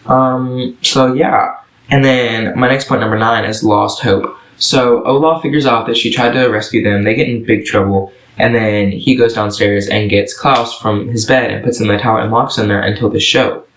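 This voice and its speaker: A man's voice: on the low side, steady tone, normal speed, a bit bright, echoey room, rough recording. A man giving a casual, rambling book review with many fillers.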